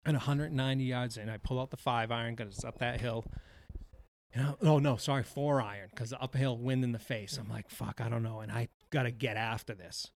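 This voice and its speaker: A man co-hosting a podcast, telling a golf story in casual chat, animated and profane, acting out what people said. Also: medium pitch, a little fast. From Wisconsin. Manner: animated, profane, acts out quotes. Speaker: podcast co-host.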